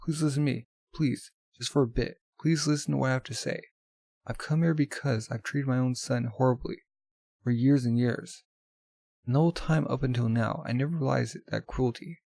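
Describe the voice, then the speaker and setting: A man voicing a remorseful middle-aged father making a halting, earnest public apology to a crowd. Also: medium pitch, creaky, mellow, dry recording. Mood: pleading.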